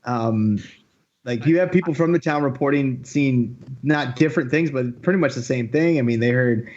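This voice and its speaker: A man's voice: medium pitch, normal speed, a little mellow, lo-fi sound. A man co-hosting a podcast in casual chat, rambling with many fillers and restarts. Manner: rambling, hesitant, laughs often. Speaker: podcast co-host.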